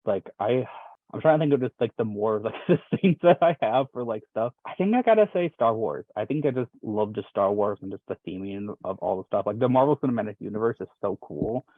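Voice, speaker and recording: Speaking briskly in a fairly low voice, this podcast guest from Wisconsin is young and talks loosely, often starting over, stuffing in fillers and breaking into laughter. The audio is dry and tinny, much like a phone call.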